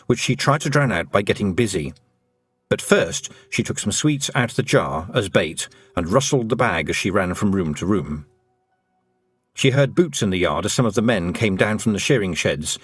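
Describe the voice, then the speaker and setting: A male narrator reads an audiobook in an expressive storytelling style. His pitch is middling but moves a lot, and the recording is dry and close. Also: husky, no room sound.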